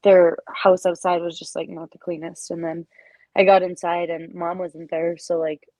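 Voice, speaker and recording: A woman's voice: fairly low pitch, level tone, moderate pace, darkish tone, dry recording, poor audio. A woman guest on a podcast who talks casually and fills her speech with "like". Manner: chatty, lots of filler 'like'. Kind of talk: casual chat.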